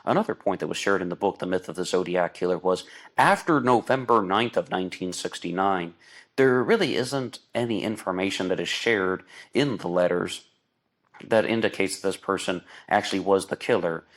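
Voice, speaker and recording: A man with a low, deep voice hosts an online radio show in casual, rambling commentary. He talks at length and slips into exasperated asides. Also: moderate pace, fairly bright tone. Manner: talkative, exasperated asides, mocks with put-on voices. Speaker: podcast host. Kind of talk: casual true-crime commentary.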